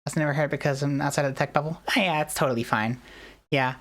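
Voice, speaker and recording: A woman's voice: deep voice, steady tone, fast talker. A woman streamer in casual chat, rambling and joking at her own expense. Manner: rambling, self-deprecating, jokey.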